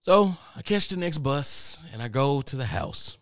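A man's voice: mid-range voice, very animated, a little slow, dry recording, studio quality. A young man casually telling a long personal story, rambling and profane, laughing at himself as he goes. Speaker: podcast host.

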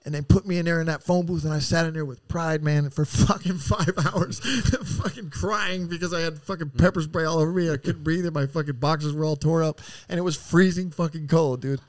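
Profane, rambling man with a higher voice. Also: fairly even intonation, brisk, few pauses, dry recording, clean studio sound. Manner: profane, rambling, acts out quotes. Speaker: podcast guest. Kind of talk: casual storytelling.

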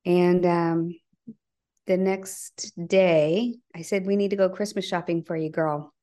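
A middle-aged woman, a podcast guest, telling a personal family story earnestly and acting out the dialogue, her voice sinking low at the heavy parts. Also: fairly even intonation, takes it slowly, mellow. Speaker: podcast guest, bereaved mother.

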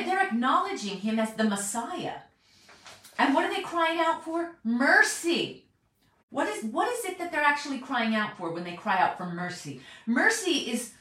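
A woman preaching a chatty, animated Bible teaching, often acting out what people say. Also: on the high side. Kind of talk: sermon. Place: large echoey room. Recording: very echoey hall, mic distant.

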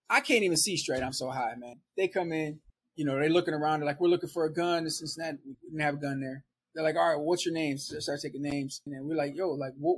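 A man from Milwaukee telling a story in casual street slang, animated and often laughing. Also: fairly high pitch, fast, breathy edge. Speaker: storyteller guest.

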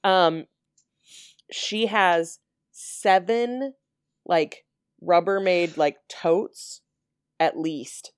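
Female co-host, lower voice, casual and wry, dry close sound. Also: clear, resonant tone, no echo. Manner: drawn-out, filler-heavy, wry and reasonable. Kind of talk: casual chat.

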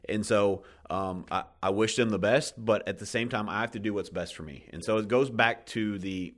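A man's voice: lowish voice, moderate pace, a bit bright. A man hosting a podcast, talking casually and passionately, swearing often and restarting his sentences, getting emotional as he tells his story. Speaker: podcast host.

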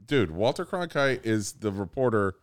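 A man's voice: lowish voice, very animated, moderate pace. A man co-hosting a podcast in casual chat, rambling and cursing, with lots of restarts and fillers. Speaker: podcast co-host.

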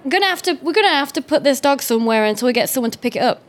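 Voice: high voice, expressive, rapid-fire. A woman voicing a bossy airport security guard who barks orders at a colleague, in a tabletop game.

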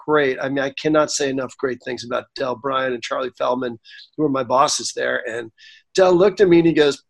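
A man in his forties, a songwriter guest, telling a story in an interview, animated and acting out the dialogue, at times getting emotional. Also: medium pitch, fairly quick, vocal fry. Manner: animated, acts out quoted dialogue; gets emotional.

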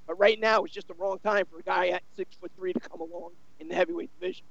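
A man's voice: high-pitched, very animated, fast, vocal fry, a bit bright, no room sound, highs cut off. A man giving casual, rambling boxing analysis, filling his talk with many you-knows. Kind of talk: casual sports discussion.

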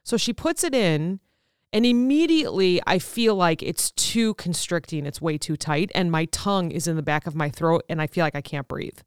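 A woman's voice: lowish voice, lively intonation, normal speed, clean tone, dry recording, studio quality. A woman podcast host telling a personal story in a candid, conversational way. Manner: candid and conversational, with frequent fillers.

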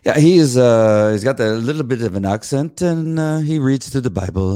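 A man co-hosting a casual faith podcast, animated and quick to laugh. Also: mid-range voice. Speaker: podcast co-host. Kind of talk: casual chat.

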